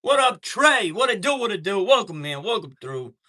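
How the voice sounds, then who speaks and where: A man's voice: sits high, sing-song, moderate pace, sharp tone. A man hosting a live stream, telling a heated story in a profane, streetwise way and greeting viewers from chat.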